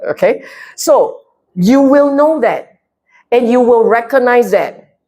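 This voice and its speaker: Lively Singaporean woman giving a Dharma talk. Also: fairly high pitch, slow pace. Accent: Singaporean English. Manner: animated and playful, mixing in local slang; direct, keeps checking with the audience. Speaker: Dharma speaker. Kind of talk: Buddhist Dharma talk to a congregation.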